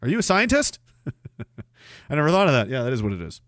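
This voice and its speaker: Profane, lively male streamer. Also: mid-range voice, fast talker, no echo, studio quality. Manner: profane, sardonic, laughs often. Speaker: livestream host reading chat. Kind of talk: casual chat.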